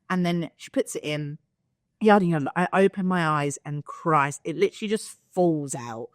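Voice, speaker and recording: A woman's voice: low voice, normal speed, dry recording, studio quality. A young woman co-hosting a podcast, telling a story in casual chat, acting out quotes and swearing freely. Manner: animated, swears, acts out quotes. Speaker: podcast co-host.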